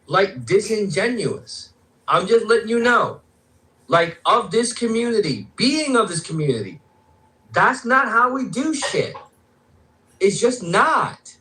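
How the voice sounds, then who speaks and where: A man's voice: high-pitched, sharp tone, low-quality recording. A man arguing insistently in a heated panel debate, interrupting and cursing. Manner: insistent, keeps interrupting, profane.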